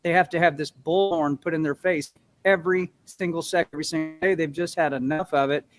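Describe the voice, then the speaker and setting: A man talks as an interview guest in an earnest, folksy way. He acts out the voices of ordinary people to make his points. His voice sits slightly high. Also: fairly even intonation, fairly quick. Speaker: guest, musician and business owner. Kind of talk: interview answers.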